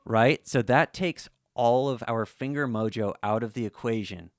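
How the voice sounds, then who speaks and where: A man's voice: mid-range voice, normal speed, no room sound. A man giving a casual, conversational guitar lesson, full of "you know" fillers. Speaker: slide guitar teacher.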